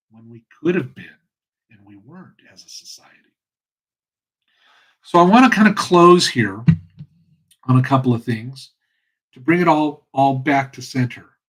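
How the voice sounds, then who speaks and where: Pausing and restarting, this man reflects on his own experience with earnestness and passion as host of a solo talk. His husky, slightly rough voice sits at a middling pitch and comes across a bit bright on a rough recording.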